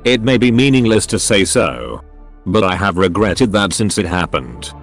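A man's voice: lowish voice, sing-song, moderate pace, soft background music. A synthetic male voice reading the part of a cold, brooding aging father. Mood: stern.

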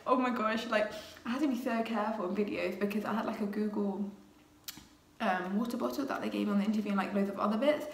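A woman in her late teens talking casually to camera in a vlog, excited and rambling, full of "um" and "like". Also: mid-range voice, reverberant, far from the mic, a little hiss or hum. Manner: excited, rambling, lots of fillers. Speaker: YouTuber.

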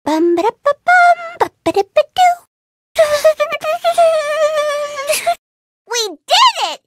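Bubbly cartoon unicorn kitten Unikitty. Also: female voice, very high-pitched, slow pace, no echo, clean studio sound, exaggerated voice. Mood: cheerful. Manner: perky, sing-song, excitable. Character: bubbly young female unicorn kitten, cheerful. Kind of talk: cartoon voice acting.

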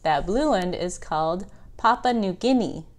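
A woman tutor giving a children's geography lesson, patiently correcting pronunciation slowly and clearly. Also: lowish voice, expressive.

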